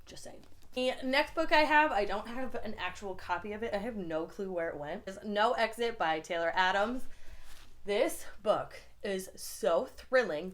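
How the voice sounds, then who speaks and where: Chatty young woman gushing about books. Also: medium pitch. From United States. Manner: chatty, gushing, lots of "like" fillers. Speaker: book reviewer. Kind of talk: casual book recommendation vlog.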